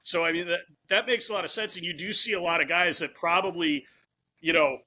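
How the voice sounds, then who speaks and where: A male podcast host with a bright, forceful tone and a fairly high voice. He talks casually and frames his questions with long anecdotes. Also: fairly even intonation, fairly quick. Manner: conversational, asks long setup questions. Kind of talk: casual interview.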